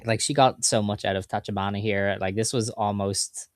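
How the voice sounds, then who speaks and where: This podcast co-host has a clear, resonant voice on the low side, with fairly even intonation and a moderate pace. Chatting casually, he recaps results in enthusiastic detail. The sound is clean studio audio with no room sound.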